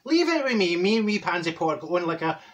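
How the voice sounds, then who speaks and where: Sing-song and quick, this man's high, slightly bright voice carries a comic monologue as a straight-talking older Glaswegian woman. The audio has its highs cut off and a little hiss or hum, and the gossipy tale is told in a broad Scottish accent loaded with "wee" and "right?".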